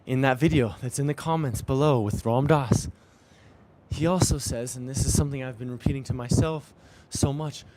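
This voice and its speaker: A young vlogger rides a bike outdoors in the rain, talking earnestly and reflectively in a spiritual vlog and often repeating phrases to himself. His mid-range voice is a little mellow and moves at a normal speed, with slight background noise.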